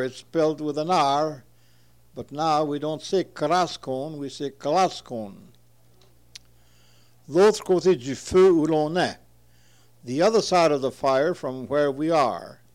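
A man's voice: on the high side, measured pace, darkish tone. A man reading aloud from his own translation of a word list, reading each entry, repeating words carefully and explaining them.

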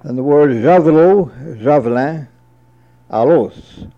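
Slow man reading a word list. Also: on the high side. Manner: reads each word, then repeats and translates it. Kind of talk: slow dictionary reading with translations. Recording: dull lo-fi recording.

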